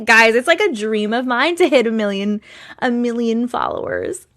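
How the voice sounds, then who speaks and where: Chatty, higher-pitched woman host greeting live viewers, casual and rambling. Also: takes it slowly, fairly bright tone. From Long Island, New York. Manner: chatty, greets viewers by name with rising lilt. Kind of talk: casual livestream chat.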